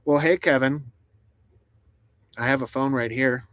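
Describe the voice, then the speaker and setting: A man's voice: mid-range voice, steady tone, unhurried, fairly bright tone, no room sound. Chatty man streaming from his camper. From United States. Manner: rambling, chatty, laughs often, reads chat aloud. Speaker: live streamer. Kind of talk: casual live stream chat. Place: inside a truck camper in the mountains.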